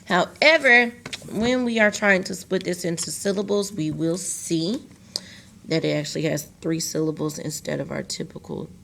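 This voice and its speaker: A woman teacher recording a lesson for young students, slowly sounding out words syllable by syllable and talking to the class directly. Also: lowish voice, fairly even intonation, vocal fry, fairly bright tone, a little hiss or hum.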